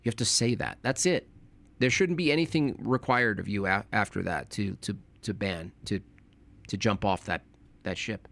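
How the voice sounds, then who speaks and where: A man's voice: lowish voice, normal speed, vocal fry, fairly bright tone. Young man rambling on a live stream. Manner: rambling, self-correcting, informal slang. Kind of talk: casual live-stream commentary.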